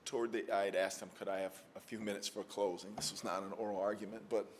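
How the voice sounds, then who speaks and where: In a lecture hall before an audience, a man from Mississippi who practices law answers by spinning folksy anecdotes full of fillers. He speaks quickly in a fairly low, level voice, with a little hiss or hum in the recording.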